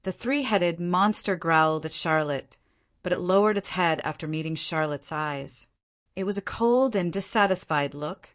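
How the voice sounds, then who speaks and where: A woman narrating an audiobook in an even, measured reading style. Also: on the low side. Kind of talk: scripted narration.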